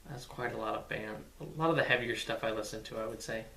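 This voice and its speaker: A man's voice: lowish voice, steady tone, fast, pushed and bright, recorded from a distance. Laid-back man in an echoey room. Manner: laid-back, hesitant, short answers. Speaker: vlog guest, husband. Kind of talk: casual couple Q&A chat. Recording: echoey room, away from the mic, faint hiss.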